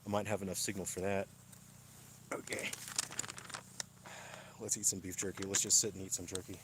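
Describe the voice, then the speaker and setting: Man, out of breath, casual livestream, outdoor campsite at night, low voice, faint background hiss. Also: flat delivery, normal speed. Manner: huffing and puffing from thin mountain air.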